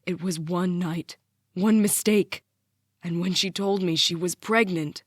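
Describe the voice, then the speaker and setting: A woman's voice: on the low side, fairly even intonation, measured pace, dry recording, clean studio sound. A woman reading the part of a guilt-ridden father who speaks apologetically, his voice breaking. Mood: apologetic.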